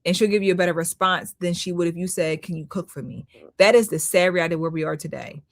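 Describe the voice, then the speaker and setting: A woman's voice: fairly low pitch, steady tone, quick pace, no room sound, clean studio sound. A woman hosting a live-stream commentary, critical in tone, often repeating herself for emphasis and talking to viewers as "y'all". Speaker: host.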